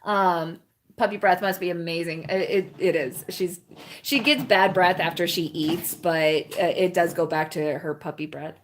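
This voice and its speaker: A woman's voice: on the low side, a little slow, a little hiss or hum. A woman chatting casually with her live-stream viewers while she paints, rambling and often laughing and cooing at puppies, indoors at a home.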